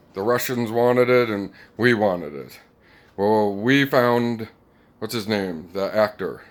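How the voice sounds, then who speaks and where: Brief: rambling male commentator, mid pitch, casual and chuckly. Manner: rambling, chuckling, many fillers. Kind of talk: casual monologue.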